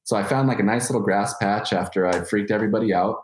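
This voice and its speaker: A man in his thirties telling a candid personal story, swearing freely and restarting his sentences often. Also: lowish voice. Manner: candid, profane, halting restarts. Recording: roomy echo.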